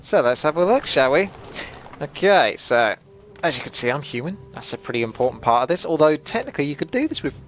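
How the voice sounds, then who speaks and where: A young man hosting a gaming channel, chatting and joking as he thinks out loud through live gameplay commentary. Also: a little high, sing-song, fairly quick, faint music behind. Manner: chatty, jokey, thinks aloud while playing.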